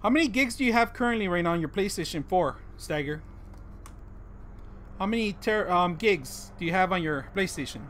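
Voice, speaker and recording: A man's voice: high voice, lively intonation, moderate pace, a bit bright, a little hiss or hum. A man streaming live from home, joking with chat and tacking "man" onto his sentences, on a desk condenser mic with a pop filter. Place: home room with a dog.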